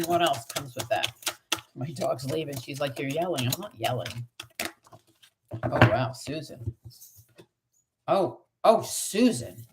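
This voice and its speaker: A middle-aged woman with a slightly low voice chats casually on a live stream. She tells animated stories and slips into the voices of the people she quotes, then turns to reading cards for her viewers. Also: takes it slowly, pauses often, heavy background noise. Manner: animated storytelling, acts out quoted dialogue. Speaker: tarot reader.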